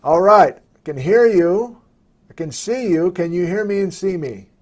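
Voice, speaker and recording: A man's voice: high voice, expressive, unhurried. Chatty man hosting a live stream. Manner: thinking aloud while working the software. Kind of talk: casual live-stream chat. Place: at a desktop computer.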